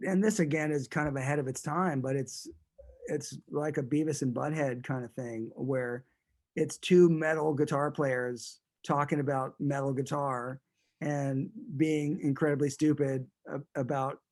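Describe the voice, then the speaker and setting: As a guest in a relaxed interview, a man tells a story at a normal speed, his voice a little high for a man. He rambles with an amused air and keeps restarting his sentences.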